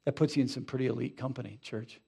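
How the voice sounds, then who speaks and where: A man preaching a Sunday sermon from a church stage. His delivery is animated and conversational, full of asides and quick questions thrown to the congregation. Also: medium pitch, gravelly, breathy edge. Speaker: pastor. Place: church sanctuary.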